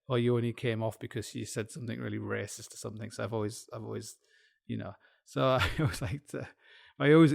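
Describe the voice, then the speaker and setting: Gravelly middle-aged Yorkshire man rambling. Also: medium pitch. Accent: Yorkshire English. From Yorkshire, England. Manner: meandering, self-deprecating, with frequent restarts and asides. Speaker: podcast host. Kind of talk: rambling solo monologue.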